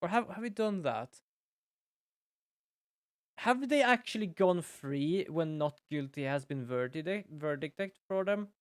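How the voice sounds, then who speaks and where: A man commenting excitably and profanely on a game playthrough. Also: on the high side, slow pace, no echo, studio quality. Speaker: streamer.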